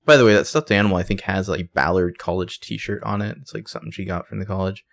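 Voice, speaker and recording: Sarcastic low-voiced man recapping a show. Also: steady tone, quick pace, creaky. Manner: sarcastic, swears freely, narrates scenes with quoted lines. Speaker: podcast co-host recapping a TV episode. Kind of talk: casual chat.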